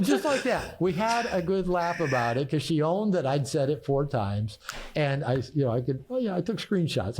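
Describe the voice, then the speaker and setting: A man's voice: a little high, darkish tone, slight background noise. An older man, a therapist and author, telling personal stories in a podcast conversation, repeating words as he restarts and laughing at his own punchlines.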